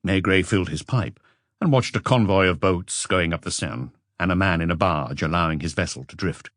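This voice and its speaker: Deep-voiced male audiobook narrator. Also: no echo, studio quality. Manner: calm, measured reading. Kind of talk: scripted narration.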